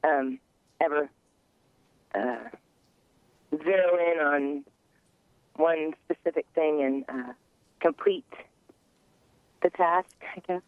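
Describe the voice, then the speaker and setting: A woman calling in to a radio show, speaking in a scattered, halting way with many restarts. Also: low-pitched, smooth, dry recording. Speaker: caller. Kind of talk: call-in radio conversation. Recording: tinny dry phone line.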